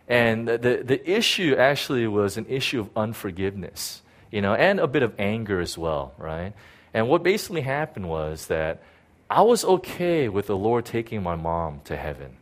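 A middle-aged pastor tells a personal story from the pulpit in a halting, repetitive way, stumbling over words and leaning on "you know." His voice sits in an ordinary middle pitch for a man. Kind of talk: personal testimony sermon.

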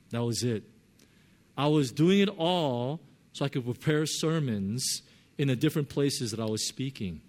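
A man preaching a sermon, telling a personal story with lively swings between loud and soft earnest tones. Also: mid-range voice, measured pace. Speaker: pastor.

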